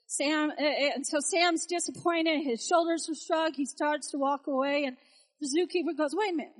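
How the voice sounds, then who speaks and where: A woman preacher delivering a sermon, telling a story and exhorting her listeners with animated, emphatic delivery. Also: sits high, moderate pace, poor audio.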